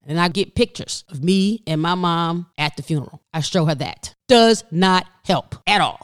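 A woman comedian hosting a podcast, telling stories in an animated, folksy way and talking straight to her listeners. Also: fairly low pitch, normal speed, few pauses, clear, resonant tone, dry recording, clean studio sound. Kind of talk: storytelling podcast.

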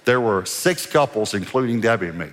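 A man's voice: lowish voice, animated, fairly quick. A middle-aged man, a pastor, preaching a sermon and telling a story, acting out the dialogue with animation. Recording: long hall reverb from a church.

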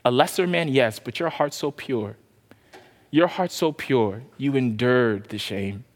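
Man preaching in a reverberant hall. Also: medium pitch. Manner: impassioned preaching, then soft slow prayer. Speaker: pastor. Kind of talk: sermon and closing prayer.

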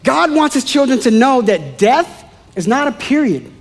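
Preaching a sermon to his congregation, a man with a strikingly high voice speaks at a moderate pace. His manner is conversational and animated, with playful asides tucked between his points.

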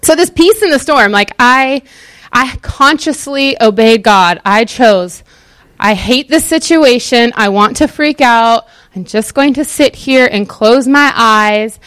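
A woman giving a casual, sermon-style Bible teaching in a chatty, animated way with many fillers. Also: fairly high pitch, slow, dry recording.

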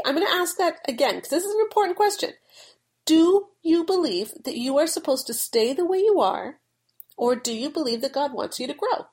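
A middle-aged woman speaking earnestly and conversationally as a Christian podcaster teaching her listeners. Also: a little high. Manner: earnest, conversational, with occasional laughs. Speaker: Christian marriage blogger and podcaster.

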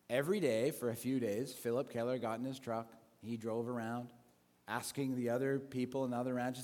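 A man's voice: mid-range voice, steady tone, fairly quick, a little mellow. A male pastor telling a story in a sermon, conversational, with restarts and asides. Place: church sanctuary. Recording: long hall reverb.

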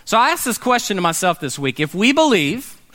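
Casting: male pastor, high bright voice, lively preaching that plays out quoted people. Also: brisk. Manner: animated, acts out quoted people, calls for responses. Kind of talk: sermon. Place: church meeting in a warehouse.

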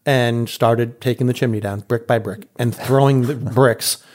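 A man's voice: medium pitch, steady tone, a little slow, darkish tone. A middle-aged man casually telling a story, acting out quotes and laughing often. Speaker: podcast host telling a story.

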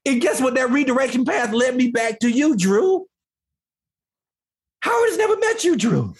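Man, guest testimony: husky voice, fervent preacher-like delivery, pitch swinging widely. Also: sing-song, moderate pace. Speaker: podcast guest. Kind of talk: emotional personal testimony.

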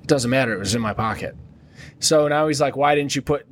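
A man's voice: medium pitch, fast. Male podcast co-host, mid-range voice, crude and rambling, loose storyteller. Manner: rambling, crude and jokey, full of fillers. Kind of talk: casual storytelling.

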